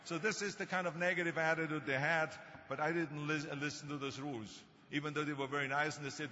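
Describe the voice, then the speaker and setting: A man's voice: a little high, little pitch movement, quick pace, hardly any pauses, sharp tone. Man with a German accent giving a joking speech. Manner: anecdotal, joking, emphatic. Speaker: commencement speaker. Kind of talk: humorous commencement speech. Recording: echoey hall, dull lo-fi sound, faint noise.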